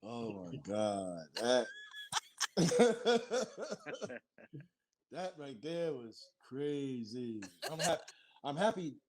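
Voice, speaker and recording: A man casually telling stories, acting out quoted lines in a higher voice. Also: big pitch swings, extremely slow, pauses often, crowd noise. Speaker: group member reminiscing. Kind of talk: casual storytelling.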